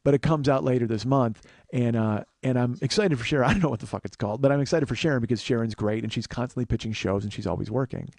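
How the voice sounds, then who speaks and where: A middle-aged man tells a story on his own podcast, and the cursing never lets up. He talks at a rapid clip in a middle-pitched voice, and the recording is dry and close. He sounds like a host spinning a long monologue. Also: darkish tone, no room sound. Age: 40s. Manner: profane, fast-building storyteller.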